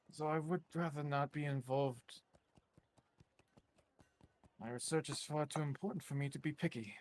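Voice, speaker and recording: A man playing a tabletop game, speaking in a measured, formal way. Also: on the high side, a little mellow. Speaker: player. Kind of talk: tabletop role-play.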